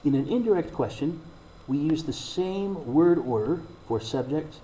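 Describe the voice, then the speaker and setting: A man giving a recorded English grammar lesson, explaining slowly and deliberately and reading out example sentences. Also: fairly high pitch, expressive, dark tone, slight background noise, rough recording. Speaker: English teacher.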